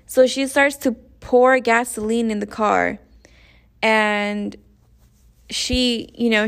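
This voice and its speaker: A young woman casually retelling a story in a rambling, profane way, full of slang and fillers. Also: fairly high pitch. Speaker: show recapper. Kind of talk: casual plot recap.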